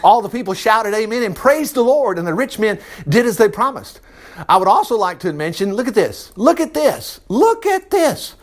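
A high-pitched man preaches at a moderate pace, reading passages of scripture and interrupting himself with animated, folksy comments and acted-out character voices.

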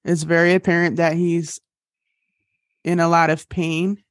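A woman's voice: fairly low pitch, level tone, unhurried, no echo, studio quality. A young woman hosting a podcast in casual chat, bubbly and laughing at her own jokes. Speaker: podcast host.

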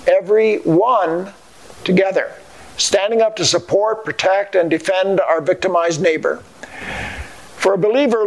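Older man, high voice with a gravelly rasp, earnest and measured devotional speaker. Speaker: Christian speaker. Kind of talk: scripted devotional message.

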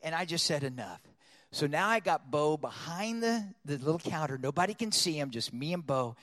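A man telling a lively personal story to an audience, preacher style, acting out his own thoughts and voices. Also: fairly high pitch, brisk, in a large hall. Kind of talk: storytelling sermon.

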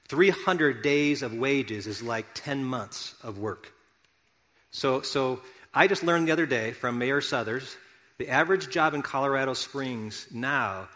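A man preaching a sermon as pastor, talking conversationally to his congregation and now and then bursting out loudly. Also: medium pitch. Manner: conversational, animated preaching with sudden loud outbursts. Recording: long hall reverb.

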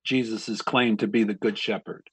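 A man, a pastor, talking through a Bible passage in a reflective, measured way with frequent pauses. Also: on the low side, fairly even intonation, slightly rough, dry recording. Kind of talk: conversational Bible discussion.

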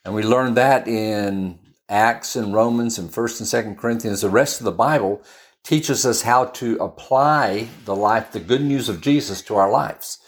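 With a fairly low, unhurried voice, a man preaches through a Bible passage like he's telling a story, chatting casually, often starting over and tossing in asides.

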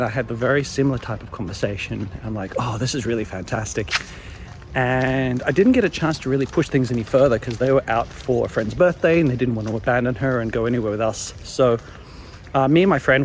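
A young man telling his own embarrassing stories in a casual, animated way, chuckling along as he goes. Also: medium pitch, fairly quick, a little hiss or hum. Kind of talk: casual storytelling monologue.

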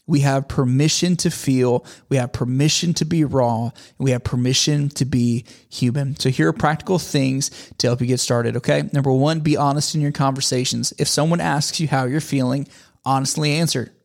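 A man's voice: on the high side, vocal fry, darkish tone. A man in his thirties preaching in a conversational, earnest way, often repeating phrases for emphasis. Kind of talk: sermon.

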